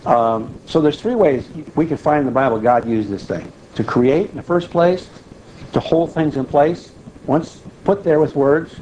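Mellow-voiced man preaching a sermon. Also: a little high, a little slow, slight background noise, rough recording. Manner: conversational teaching, frequent check-ins with listeners. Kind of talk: sermon teaching.

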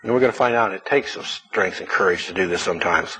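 A man's voice: deep voice, quick pace, few pauses, pushed and bright, a little hiss or hum. A man preaching a sermon to his congregation, telling personal stories in a folksy way with repeated words. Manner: folksy, storytelling preaching with repetitions. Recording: dull lo-fi recording.

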